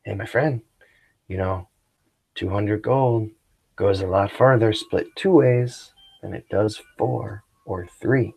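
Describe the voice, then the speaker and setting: A man voicing a scheming, chained bandit who wheedles, pleads and shouts. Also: fairly low pitch, slow, gravelly, husky, full character voice. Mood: wheedling.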